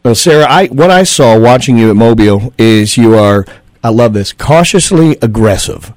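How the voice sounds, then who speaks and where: A man's voice: medium pitch, lively intonation, moderate pace, a little mellow, dry recording, rough recording. A man hosting a radio racing show, chatting in an enthusiastic, folksy way and heaping praise on his guests.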